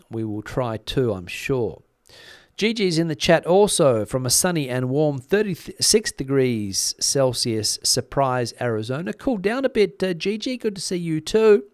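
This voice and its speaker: A man's voice: mid-range voice, no echo, clean studio sound. Chatty man hosting a live stream. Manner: relaxed, chatty, frequent uh fillers. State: slightly worn voice. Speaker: YouTube news channel host. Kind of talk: live stream chat with viewers.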